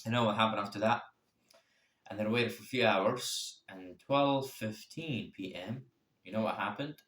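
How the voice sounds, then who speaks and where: A young man telling his own story casually, swearing freely and jumping in pitch and loudness. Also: normal speed. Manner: profane, animated, sudden swings in pitch and loudness. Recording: echoey room.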